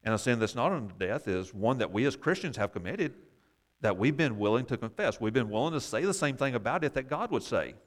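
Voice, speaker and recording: A man's voice: medium pitch, sing-song, a little fast. A man leading a Bible study class, explaining verses and asking the group questions, with wry asides.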